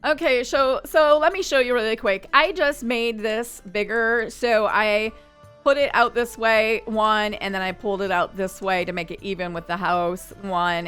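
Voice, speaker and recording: Woman, gaming commentary, chatty, thinks aloud, bright smooth voice. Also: medium pitch. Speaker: gaming channel host. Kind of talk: casual Let's Play commentary.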